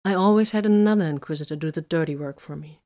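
A woman voicing a shrewd, composed female inquisitor in an audiobook, calm and solemn. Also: sits low, quick pace, lightly acted.

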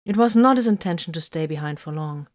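A woman narrating an audiobook in a steady, even storytelling manner. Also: low-pitched, quick pace.

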